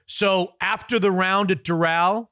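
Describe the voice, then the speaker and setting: A man's voice: sits high, steady tone, a little slow, pushed and bright, clear, resonant tone, no echo, studio quality. A male podcast host chatting casually, laughing often and asking his guest follow-up questions. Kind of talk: casual interview chat.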